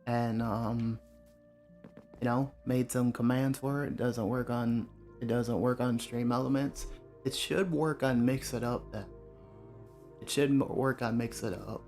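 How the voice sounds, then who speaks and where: A man streaming a game, chatting casually and relaxed with his viewers, greeting them by name. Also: mid-range voice, a little slow. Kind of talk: casual live-stream chat while gaming. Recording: faint music behind the voice.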